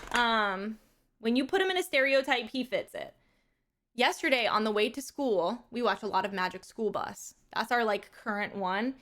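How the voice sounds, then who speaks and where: A young woman chatting casually on her live stream while she plays a game, her voice sitting a little higher than most. She tells rambling, animated stories, piling on fillers and restarts as she goes.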